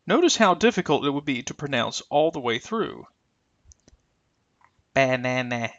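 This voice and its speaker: Lively-voiced man teaching pronunciation. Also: on the high side, no room sound, lo-fi sound. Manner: careful, deliberate, stretches example sounds. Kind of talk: scripted instructional narration.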